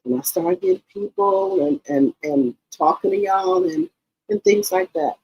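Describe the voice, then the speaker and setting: A woman's voice: very high voice, wildly swooping pitch, a little slow, gravelly, darkish tone, highs cut off. A woman hosting her own channel, talking to her viewers in an emotional, casual way and repeating herself often. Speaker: YouTube channel host. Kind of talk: casual heartfelt talk to viewers.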